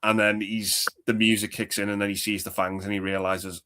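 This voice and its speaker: A man's voice: fairly low pitch, flat delivery, a little fast, hardly any pauses, bright, forceful tone. Enthusiastic swearing man chatting films. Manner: enthusiastic, swears often, quotes film lines in impressions. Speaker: podcast co-host. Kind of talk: casual movie chat.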